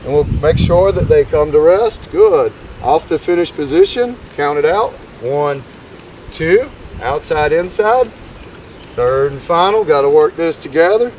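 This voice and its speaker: A man's voice: a little high, animated, a little slow, a little mellow. A man coaching a dog obedience session with upbeat, encouraging commands, recorded outdoors. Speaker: dog trainer. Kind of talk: coaching commentary during training. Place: outdoor training field. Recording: distant outdoor recording with faint noise.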